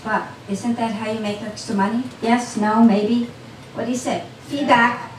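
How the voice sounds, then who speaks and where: A woman's voice: fairly high pitch, fairly even intonation, normal speed, slight background noise. A woman telling a personal story to a live audience in a cafe, talking straight to the crowd in a chatty way. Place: small cafe event. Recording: roomy sound from a distant mic.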